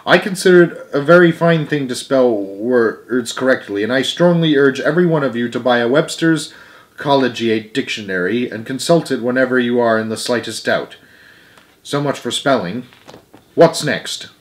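A man voicing a tiny, prim male mouse who is a substitute teacher, brisk and bossy. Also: mid-range voice, expressive, close to an everyday voice. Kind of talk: storybook reading.

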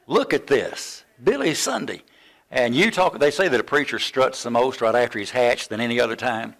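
Older preacher telling a story. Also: male voice, mid-range voice, normal speed, vocal fry. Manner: animated storytelling, acts out quoted voices. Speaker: pastor. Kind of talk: sermon.

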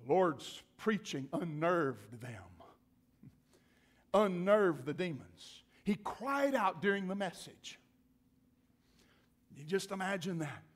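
A male pastor preaching a sermon in church, emphatic and repetitive, swinging from loud to hushed. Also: high-pitched, very animated, slow, pauses often.

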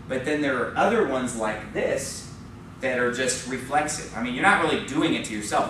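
A man's voice: medium pitch, background noise. A man teaching a Spanish class, explaining patiently and asking the class questions, with a frequent "okay?". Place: church classroom. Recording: very echoey classroom recorded from far off.

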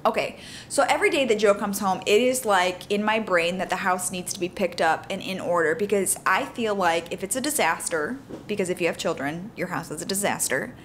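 A woman co-hosting a podcast with her husband, chatting casually and animatedly, laughing often and explaining in quick bursts. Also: mid-range voice, fairly bright tone, slight background noise. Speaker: podcast co-host. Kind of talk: casual married-couple chat.

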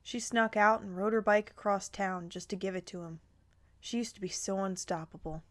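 A woman voicing a calm, reassuring fatherly man. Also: mid-range voice, moderate pace, natural voice.

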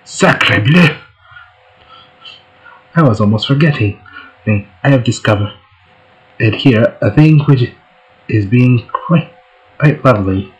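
A man's voice: medium pitch, animated, slow, pauses often, low-quality recording. A man doing a hammy fake French dog owner. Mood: theatrical. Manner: hammy, broken phrasing. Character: showy Frenchman with a pet dog.

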